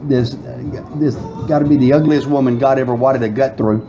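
A man's voice: mid-range voice, steady tone, a little fast, over music, low-quality recording. Man telling a rowdy story. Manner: rambling, laughing storyteller with restarts. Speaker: guest. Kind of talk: casual storytelling.

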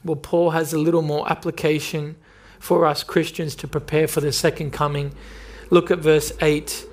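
A man's voice: on the high side, flat delivery, normal speed. A male pastor preaching a sermon, earnest and pressing direct questions at his listeners.

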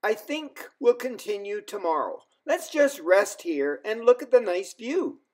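A kind, gentle hippo, voiced by a man in a storybook reading. He speaks slowly and reassuringly, in a fairly high voice. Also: big pitch swings.

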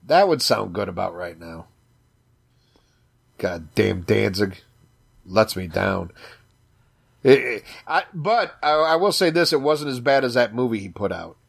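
Here the Chicago-accented co-host sounds lower and gravelly with a breathy edge, very animated yet measured, pausing often. He swears a lot, gushes, and repeats words throughout the casual podcast chat.

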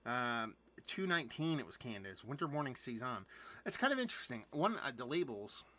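A man talking in a bright, forward voice, rambling through a casual live unboxing chat. He is enthusiastic and curses freely, and he fills his talk with ums and restarts. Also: mid-range voice, sing-song, brisk. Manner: rambling and chatty, with many fillers and restarts. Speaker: beer reviewer and channel host.

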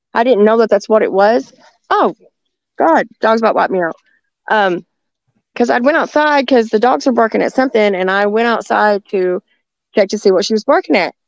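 A woman's voice: medium pitch, no room sound. A woman tells a rambling story in a chatty voice, filling it with likes and ums. The audio sounds dull and dry. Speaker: guest. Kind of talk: casual storytelling.

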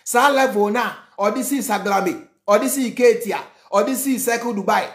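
A Ghanaian-accented commentator delivers a heated political rant, hammering points through repetition and mockery. The voice sits at a middle pitch. The recording sounds roomy, with a noticeable echo. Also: normal speed. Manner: repetitive, rhetorical, mocking, switching between Twi and English.

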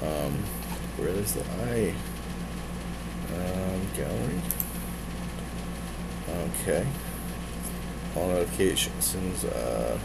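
A man's voice: sits low, gravelly, heavy background noise. A man casually chatting on a live stream, rambling and self-deprecating as he mutters to himself while changing settings.

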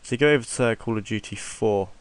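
With a fairly low voice and clean tone, a young man talks quickly through a screen-recorded game tutorial despite having a cold. He's offhand and rambling, often muttering to himself.

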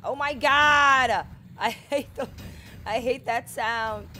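A woman playing a video game and commenting on it, exasperated, swearing and crying out loudly at the game. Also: a little high, slow pace, a little hiss or hum. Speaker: gameplay streamer. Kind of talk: gameplay commentary.

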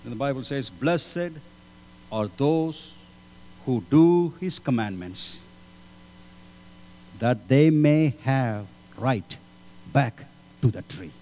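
A man preaching a sermon, swinging between loud pleading passages and low, solemn lines. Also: animated, slow pace, long pauses. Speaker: pastor. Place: church hall. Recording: hall reverb with mains hum.

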